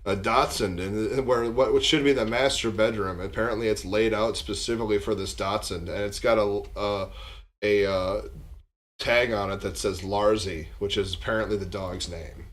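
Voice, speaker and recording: A man with a fairly low voice narrates a tabletop game as its game master. He stops and restarts often, filling the gaps with ums and uhs. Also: steady tone. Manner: halting, many fillers and restarts.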